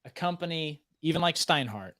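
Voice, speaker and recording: A man's voice: fairly high pitch, animated, normal speed, fairly bright tone, dry recording. A man in a casual livestream chat about watches, explaining his view at length with lots of "like" and "right?".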